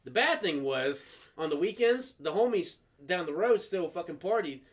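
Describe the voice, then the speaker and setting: Male podcast host, high voice, swings up and down, crude anecdotal storyteller. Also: normal speed. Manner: profane, animated, acts out other people's voices. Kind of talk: casual storytelling chat.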